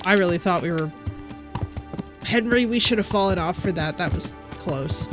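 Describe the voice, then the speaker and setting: Woman streamer, animated casual storyteller, loud game music underneath. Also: fairly low pitch, normal speed. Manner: animated storyteller, quotes people in her own voice. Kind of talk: casual chat while gaming.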